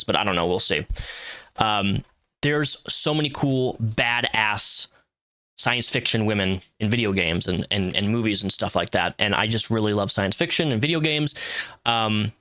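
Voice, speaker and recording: A man's voice: on the low side, pushed and bright. A man in his thirties giving casual, rambling commentary with frequent restarts and fillers. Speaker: commentary youtuber.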